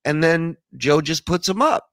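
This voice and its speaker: A man, a show host appearing as a guest, telling stories in an animated way and laughing as he talks on a live stream. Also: fairly high pitch, unhurried, no room sound, studio quality. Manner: storytelling, animated, laughs while talking. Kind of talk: casual live-stream chat.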